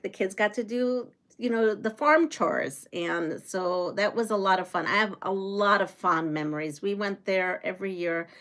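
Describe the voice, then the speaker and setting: A middle-aged woman hosts a casual quilting livestream, chatting and rambling with her viewers. Her voice sits fairly low and has a slightly bright quality.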